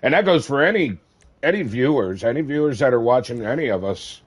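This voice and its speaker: A man's voice: mid-range voice, expressive, fairly quick, husky. A middle-aged man chatting casually on a gaming stream, cursing freely, joking and laughing often.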